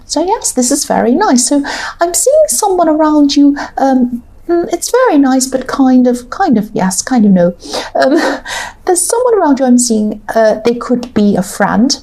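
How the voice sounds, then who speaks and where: A woman's voice: sits high, big pitch swings, measured pace, warm tone. A woman doing a casual tarot reading to camera, thinking aloud in a rambling, hesitant way with many fillers. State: has the hiccups. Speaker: tarot reader.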